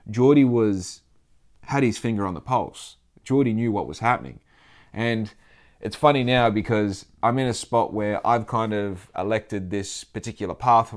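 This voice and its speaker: A man with an Australian accent talking casually in a rambling monologue, swearing freely and acting out the people he quotes. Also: fairly low pitch.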